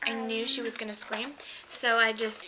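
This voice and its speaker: A young woman excitedly gushing in a casual vlog, rambling with lots of fillers. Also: on the high side, moderate pace. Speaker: vlogger. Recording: dull lo-fi webcam sound with faint hiss.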